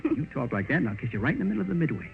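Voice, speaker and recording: A clowning young groom on old radio. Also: male voice, fairly high pitch, big pitch swings, very fast, creaky. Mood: jolly. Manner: laughing, clowning. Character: young carefree husband, jokey, boisterous. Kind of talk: 1930s radio drama acting. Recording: dull 1930s radio broadcast with music.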